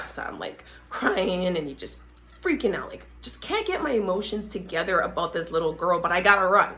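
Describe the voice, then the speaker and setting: A young adult woman hosting a podcast, retelling a story in a dramatic, animated way with frequent asides to her listeners. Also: fairly low pitch, normal speed, slight background noise. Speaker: podcast host. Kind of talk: casual storytelling.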